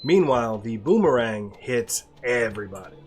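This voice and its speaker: A man playing a video game and explaining it dryly, often trailing off into a quiet mumble. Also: mid-range voice, lively intonation, normal speed, faint music behind. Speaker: player and co-host of a gameplay video. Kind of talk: casual gameplay commentary.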